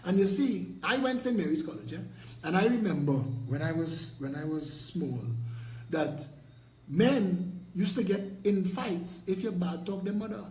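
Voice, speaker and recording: A Trinidadian man with a high voice delivers a fiery political rant, preachy and mocking by turns. He sounds like he's in an echoey room. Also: animated, measured pace, darkish tone. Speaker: political party leader. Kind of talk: impassioned video rant.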